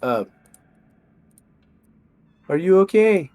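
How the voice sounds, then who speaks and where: A man voicing a flustered male detective who is alarmed and helpless, loud and stammering. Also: sits high, lively intonation, very slow, pitched above the performer's own voice, heavily acted.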